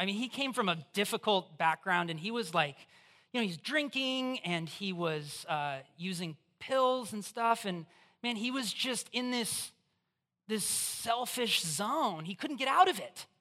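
A preacher giving a conversational, animated sermon in church, putting questions straight to the listeners. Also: medium pitch. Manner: acts out voices in quotes.

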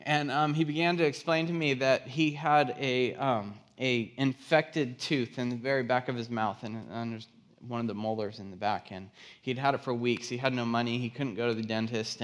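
A man preaching as a guest speaker in a church, telling a story and acting out the people's voices. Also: mid-range voice. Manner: animated storyteller acting out quotes. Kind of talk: sermon with storytelling. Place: church stage.

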